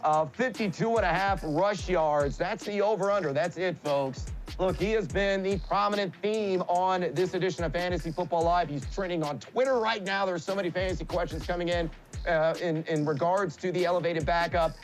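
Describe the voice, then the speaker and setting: A man giving fantasy football picks in an energetic, emphatic way on a studio sports show. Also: normal speed, faint music behind. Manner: hyped, emphatic pitch.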